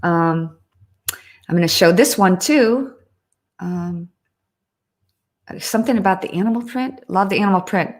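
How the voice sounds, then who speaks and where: A woman's voice: on the low side, a little slow, pauses often. Chatty woman hosting a casual livestream. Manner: chatty, earnest, breaks off and restarts often. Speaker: livestream host. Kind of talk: casual live-stream chat, reading viewer comments.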